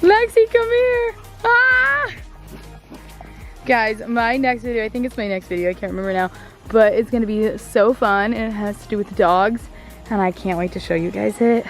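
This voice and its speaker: A woman's voice: medium pitch, fairly even intonation, fairly quick, soft background music. A woman vlogging casually on her farm, bubbly and chatty, talking to the camera about feeding her animals. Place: outdoors on a farm, then a feed shed.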